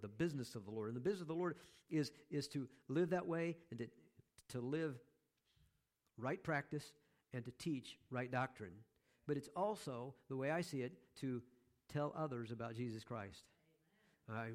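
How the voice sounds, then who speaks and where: A man's voice: mid-range voice, a little mellow. A man preaching a sermon as pastor, conversational, with joking asides to the congregation.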